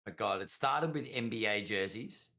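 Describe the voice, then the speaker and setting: Lowish voiced dude cohosting, dry wry comments, laid back. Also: male voice, normal speed, vocal fry, sharp tone. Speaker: podcast co-host. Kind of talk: casual chat.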